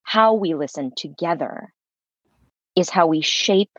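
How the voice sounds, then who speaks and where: A woman's voice: on the low side, takes it slowly, no echo, highs cut off. A woman voice coach speaking earnestly and reflectively in an interview, with a spiritual bent. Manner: earnest, spiritual, expressive, laughs fully. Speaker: voice coach, guest.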